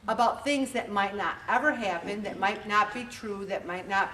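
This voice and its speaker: A woman leading a group meeting, telling stories in a chatty, animated way. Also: medium pitch, moderate pace, slight background noise. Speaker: group leader giving a talk. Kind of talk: motivational talk to a group. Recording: echoey room, voice from a distance.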